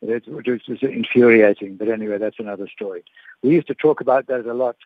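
A veteran sports broadcaster, now an older man, calls in to a radio show as a guest to reminisce, his medium-pitched voice thinned by the phone line. He's hesitant, repeating words and restarting sentences as memories return. The sound is dry and close with no room sound.

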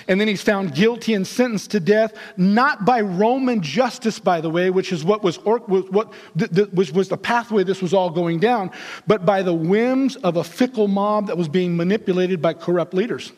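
Male pastor, animated storyteller, pitched high, long hall reverb. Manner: animated, acts out characters' voices. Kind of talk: storytelling sermon.

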